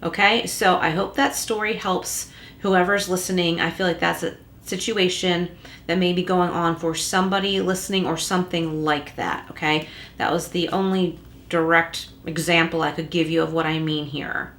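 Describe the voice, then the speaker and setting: A woman's voice: fairly low pitch, steady tone, moderate pace, fairly bright tone. Woman reading tarot in an echoey room. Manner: reassuring, addresses the listener directly. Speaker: tarot reader. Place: room at home with a closed door.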